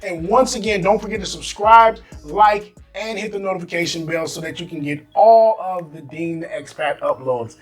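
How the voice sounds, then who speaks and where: Speaking at a normal speed with few pauses, this American man runs his own vlog as an expat, chatting to camera in lively slang. He acts out quoted voices, and his pitch is high. Faint music can be heard behind him.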